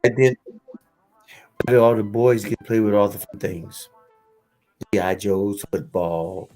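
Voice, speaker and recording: A man hosting a relaxed conversation, his voice sitting a little low. He tells stories with animated quoted lines and chuckles at his own jokes. Faint music plays under him. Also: measured pace. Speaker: podcast host. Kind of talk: casual conversational commentary.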